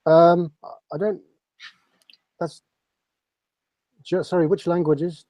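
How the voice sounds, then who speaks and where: A man chatting casually, calm and matter-of-fact. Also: on the high side, slow, no echo, highs cut off. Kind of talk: casual chat.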